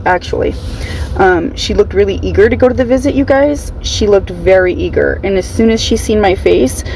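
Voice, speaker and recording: A woman's voice: mid-range voice, darkish tone, a little hiss or hum, rough recording. A woman telling her followers a story in a chatty vlog style, nervous and often saying "you guys". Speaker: TikToker recounting a jail visit.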